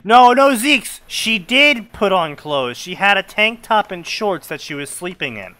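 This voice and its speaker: Young man, bright voice, slightly high, rambling casual commentary, laughs a lot. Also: very animated, a little slow. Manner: laughing, rambling, swears freely. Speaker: host reading fanfiction. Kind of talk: casual stream commentary and reading aloud.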